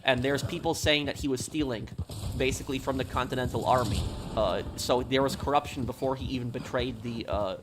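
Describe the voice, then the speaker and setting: Male streamer, middle-pitched, loose rambling delivery full of fillers over steady noise. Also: brisk. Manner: rambling, many fillers and restarts. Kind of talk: casual live-stream talk.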